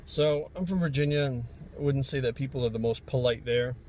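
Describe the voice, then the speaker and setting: Fast-talking, profane ranting man. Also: medium pitch, darkish tone, slight background noise. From Rhode Island. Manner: profane, blunt, rambling storytelling. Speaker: fitness trainer. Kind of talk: casual vlog rant.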